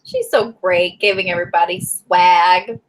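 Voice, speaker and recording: A woman's voice: on the low side, fairly even intonation, unhurried, poor audio. A woman co-hosting a book club live stream, talking in a gushing, emotional way and laughing often. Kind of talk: casual live stream chat.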